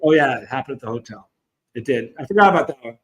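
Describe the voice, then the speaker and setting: A man's voice: mid-range voice, expressive, fast talker, a bit bright, poor audio. A man in his fifties from the United States, hosting a casual livestream and rambling through stories while greeting viewers by name. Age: 50s. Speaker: host of a chili channel.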